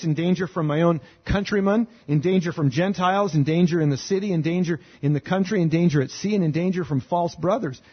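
Husky-voiced pastor preaching with dry wit. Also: male voice, high voice, highs cut off. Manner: conversational, with rhetorical questions and dry sarcastic asides. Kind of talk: expository sermon.

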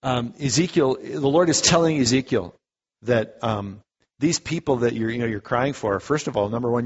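A man's voice: mid-range voice, breathy edge, lo-fi sound. Man preaching in an echoey hall. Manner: conversational, animated preaching with many restarts. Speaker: pastor. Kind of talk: sermon.

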